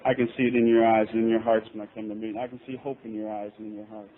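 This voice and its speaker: A man's voice: fairly low pitch, level tone, quick pace. A middle-aged man telling his recovery story at a convention, candid and self-mocking. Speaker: recovery speaker. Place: convention hall. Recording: tinny lo-fi tape with faint hiss.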